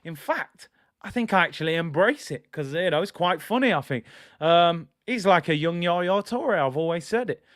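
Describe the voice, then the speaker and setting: Man, watch-along host, high-pitched, dry close sound, excitable, reads chat aloud. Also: normal speed, no echo. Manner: excitable, trailing off with a low "people"; reads out chat comments between play calls. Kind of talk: live football watch-along commentary.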